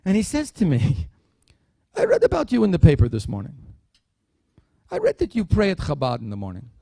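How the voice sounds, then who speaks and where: A man gives a dinner keynote as a lively story, his high voice full of swings in pitch. He acts out the dialogue and drops in jokes as he goes. The sound is close and dry, with no room echo. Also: fairly quick, vocal fry, husky. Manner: animated, acts out dialogue in quotes; humorous asides. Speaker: keynote speaker.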